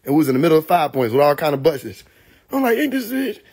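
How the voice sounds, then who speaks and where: A man from Atlanta, telling profane, animated stories on a live stream, laughing often. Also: fairly high pitch, fast talker, slightly rough. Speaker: livestream host. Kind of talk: casual storytelling on a live stream.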